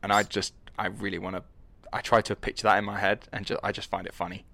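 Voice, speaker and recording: A man's voice: on the low side, little pitch movement, quick pace, creaky, pushed and bright, no echo. A young man co-hosting a podcast in casual, jokey chat, rambling and acting out quoted lines. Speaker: podcast co-host.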